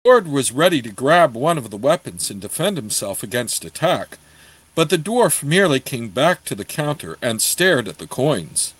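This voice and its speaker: A man's voice: mid-range voice, normal speed, breathy edge, dry recording, low-quality recording. Man reading a fantasy novel aloud. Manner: steady storytelling, apologizes for page turns. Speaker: audiobook reader.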